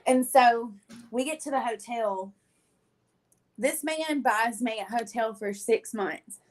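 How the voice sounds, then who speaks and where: Podcast guest: woman, slightly high voice, casual and animated storytelling. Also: slow. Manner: animated, laughs often, acts out quotes. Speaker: guest telling her story.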